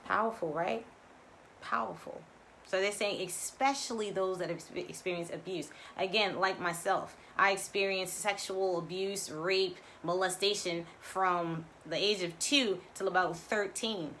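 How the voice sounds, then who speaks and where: A woman's voice: mid-range voice, fairly even intonation, measured pace, fairly bright tone, slight background noise. A woman hosting a live-streamed spiritual talk as a coach. She speaks to her viewers directly and stresses her points by repeating them. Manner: emphatic and repetitive, addressing viewers directly.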